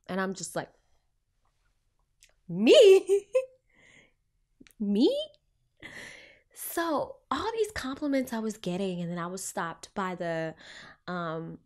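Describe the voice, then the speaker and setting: A young woman who works as a clinician and hosts a podcast, telling a story in a casual, expressive way and acting out her own thoughts. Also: mid-range voice. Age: young adult.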